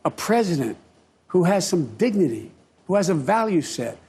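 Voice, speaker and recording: A man's voice: sits high, very animated, moderate pace, a little mellow, a little hiss or hum. A man giving assertive, folksy answers in a television interview clip. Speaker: interviewed politician.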